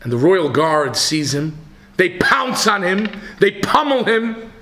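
A man with a high, very lively voice delivers a sermon as a story. He speaks slowly and dramatically, dropping to a hush and then rising to shouts. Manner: dramatic, swings from hushed to shouting.

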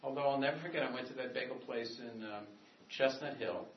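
A man's voice: medium pitch, a little fast, a little hiss or hum. A man giving a classroom lecture, talking in a discursive, conversational way with many asides and restarts. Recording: echoey room from a distance, dull and muffled.

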